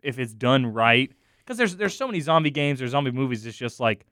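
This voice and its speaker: A man's voice: medium pitch, expressive, a little fast, a bit bright, no echo, clean studio sound. A young man co-hosting a podcast, arguing his opinions on movies and games in casual chat. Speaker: podcast co-host.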